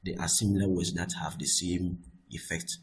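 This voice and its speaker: Low-voiced guy teaching grammar, repeats stuff, restarts a lot. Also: fairly even intonation, moderate pace, poor audio. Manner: repetitive, patient explaining with frequent restarts. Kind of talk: explaining a grammar text.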